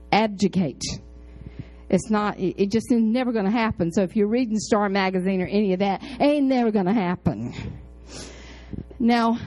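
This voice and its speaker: A woman pastor tells a chatty story in a sermon, animated and full of high exclamations and low asides. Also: poor audio.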